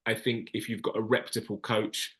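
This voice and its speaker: Low-voiced man giving frank advice. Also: level tone, brisk, a bit bright. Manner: frank, hesitant, with many restarts. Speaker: casting director. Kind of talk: Q&A advice session.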